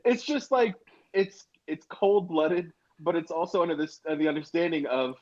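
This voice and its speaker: A man's voice: on the high side, moderate pace, darkish tone. Man on a dull-sounding podcast mic. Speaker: podcast co-host. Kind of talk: casual movie podcast chat.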